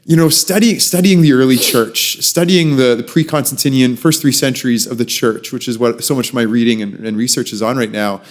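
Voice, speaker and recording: A man's voice: mid-range voice, fairly quick, hardly any pauses. A man hosting a podcast, reflecting earnestly and thoughtfully on what his guest said. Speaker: podcast host.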